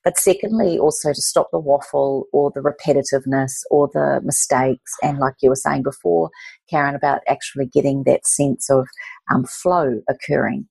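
A woman in her forties with a low, gravelly, husky voice talks through her story warmly and effusively, with frequent restarts. She sounds close and dry, with no room around her. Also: moderate pace, no room sound. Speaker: author and guest. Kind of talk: casual conversational storytelling.

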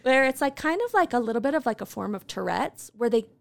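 A woman's voice: on the high side, expressive, quick pace, vocal fry. A woman co-hosting a podcast in casual chat, reading out listener stories and laughing often. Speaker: podcast co-host.

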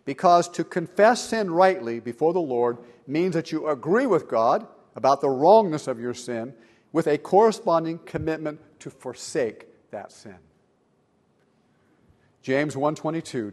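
A man preaching a sermon in church as pastor, animated, swinging between loud emphasis and quiet asides. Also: a little high, a little slow.

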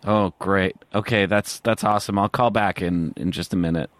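A man's voice: sits low, steady tone, moderate pace. A man hosting a podcast, joking around and making prank phone calls with mock urgency. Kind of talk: casual prank-call banter.

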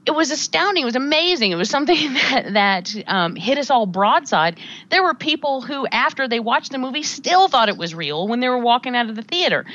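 A woman's voice: sits high, very animated, fairly quick, a bit bright. A woman co-hosting a horror podcast, talking emphatically and with strong opinions in casual banter. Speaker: podcast co-host. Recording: dull lo-fi sound.

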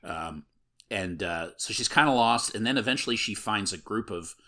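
A man's voice: on the low side, animated, moderate pace, pushed and bright. A man casually recapping a horror film, rambling with many filler words.

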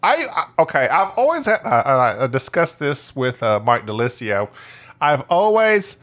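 A man's voice: medium pitch, normal speed. A man, co-hosting a casual podcast chat, joking and laughing often. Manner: jokey, laughs often, animated. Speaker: podcast co-host.

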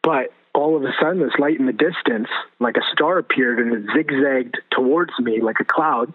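A man's voice: mid-range voice, normal speed. A man telling his personal testimony as a guest, earnest and vivid, repeating phrases for emphasis. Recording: phone-like narrow sound.

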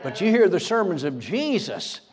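A man's voice: high voice, big pitch swings, moderate pace, a faint crowd. A man preaching a sermon as pastor, fiery and folksy, laughing between lines in a church. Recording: reverberant church hall.

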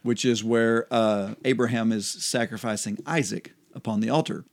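Man, co-host, casual Bible talk, relaxed, laughs often, mid pitch. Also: moderate pace. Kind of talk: casual Bible study chat.

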